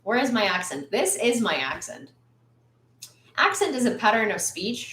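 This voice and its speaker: A woman's voice: a little high, very animated, moderate pace, a bit bright. Chatty woman hosting a livestream, roomy echo. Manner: chatty, many "like" fillers; blunt, exasperated lecturing. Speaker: livestream news host. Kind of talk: casual livestream chat. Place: room at home.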